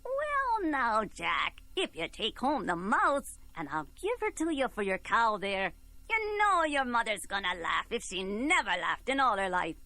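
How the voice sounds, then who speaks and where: A woman's voice: fairly high pitch, sing-song, a little slow, pushed and bright, dry recording, exaggerated voice. A woman voicing a sly little wee man who coaxes a boy into trades. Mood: coaxing.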